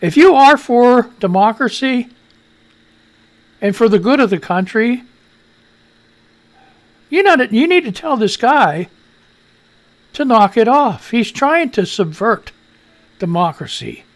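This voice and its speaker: Wheezy, gravelly man ranting on radio. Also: very high voice, expressive, takes it slowly, long pauses. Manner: rambling, exasperated, sarcastic. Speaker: radio show host. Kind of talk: casual political commentary.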